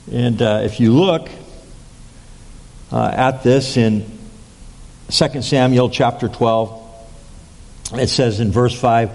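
Guy preaching a sermon, lots of ums and restarts, long hall echo, average pitch. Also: a little mellow. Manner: halting, many fillers and restarts; acts out quoted lines with raised pitch. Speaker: pastor.

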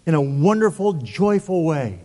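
A man's voice: on the high side, very animated, measured pace, dark tone. A male pastor preaching a sermon, emphatic, asking rhetorical questions and repeating words. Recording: long hall reverb.

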